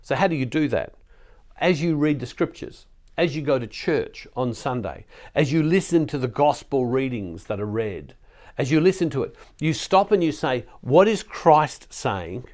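A man's voice: mid-range voice, animated, normal speed, a little mellow. A man giving an earnest, reflective spiritual talk to believers, often restarting his sentences. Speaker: Catholic speaker and preacher. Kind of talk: sermon-style spiritual talk.

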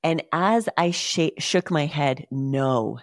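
An earnest woman in her thirties shares a personal story and gets emotional as she speaks. Her voice sits low and has a gravelly edge. The recording is dry and close. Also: measured pace, darkish tone, dry recording. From Utah. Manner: emotional, earnest, addresses listeners as guys. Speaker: podcast host.

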